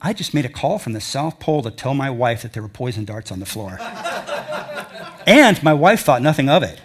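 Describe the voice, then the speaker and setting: A man's voice: mid-range voice, big pitch swings, moderate pace, a crowd in the background. Older man telling rambling travel stories. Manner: rambling, folksy storytelling. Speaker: adventure travel speaker. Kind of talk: presentation with audience questions. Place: lecture hall before an audience.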